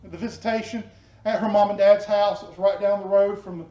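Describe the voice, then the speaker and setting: A man giving a personal testimony as a pastor, telling his story earnestly and dropping soft and low in tender moments. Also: steady tone, brisk. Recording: echoey, dull room sound.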